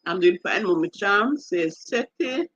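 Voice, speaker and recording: A woman's voice: mid-range voice, expressive, a little slow, fairly bright tone, highs cut off, a little hiss or hum. A woman with a Jamaican accent hosting a live stream, reading out viewer comments and greeting each viewer by name. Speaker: livestream host.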